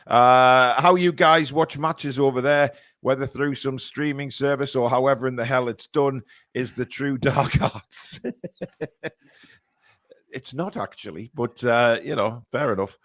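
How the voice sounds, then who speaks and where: A man's voice: mid-range voice, steady tone, unhurried, a bit bright, dry recording, clean studio sound. A man from England hosting a live football fan stream, chatting casually with many fillers and reading out viewer comments.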